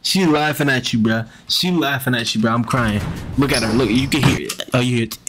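A man's voice: medium pitch, a little fast, heavy background noise. A man hosting a reaction video, giving casual commentary with a teasing, mocking manner and a lot of repetition. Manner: teasing, mocking, repeats himself.

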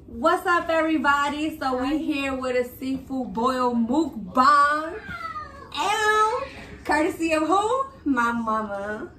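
A woman's voice: high voice, unhurried, hardly any pauses. A young woman hosting her vlog, chatting upbeat and straight to her viewers. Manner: upbeat, addresses viewers directly. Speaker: vlog host. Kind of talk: casual chat to viewers. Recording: echoey room, mic at a distance, faint music.

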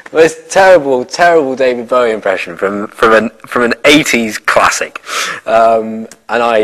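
A man's voice: lowish voice, fairly bright tone, big-room sound. A man in an interview casually telling a self-mocking story about himself, with a noisy background. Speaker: actor in an interview. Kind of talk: casual anecdote.

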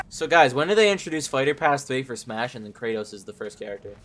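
A young man giving excitable, swearing commentary while playing a game. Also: mid-range voice, moderate pace. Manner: excitable, swearing, loud outbursts. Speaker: streamer. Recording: voice with game music behind.

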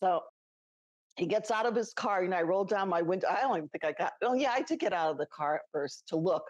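A woman's voice: on the low side, quick pace, dry recording, highs cut off. A middle-aged woman co-hosting a podcast, telling a personal story in a casual, chatty way and laughing often. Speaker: podcast co-host.

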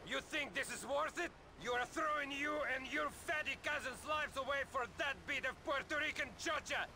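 An actor playing a contemptuous Russian gangster in a video game, speaking with a Russian accent and a mocking, swaggering manner. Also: male voice, very high voice, fairly even intonation, moderate pace, gravelly, sharp tone, a little hiss or hum, exaggerated voice. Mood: furious. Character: sneering Russian male gangster boss. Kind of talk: video game cutscene acting.

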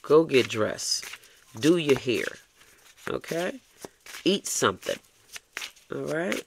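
A man's voice: mid-range voice, sing-song, slow pace, vocal fry, a little hiss or hum. A man giving a tarot reading, blunt and coaxing, swearing freely and ending lines with "okay?". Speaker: tarot reader.

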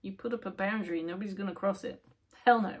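Husky woman reading tarot. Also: mid-range voice, fairly even intonation, fast. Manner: chatty, with frequent fillers, dropping to near-whispers at times. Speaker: tarot reader. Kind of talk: casual tarot reading to camera.

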